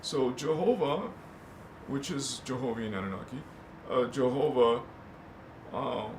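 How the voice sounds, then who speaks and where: A man hosting a spiritual talk, rambling between quiet musing and impassioned shouts. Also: mid-range voice, a little slow. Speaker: spiritual channel host. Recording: echoey room with faint noise.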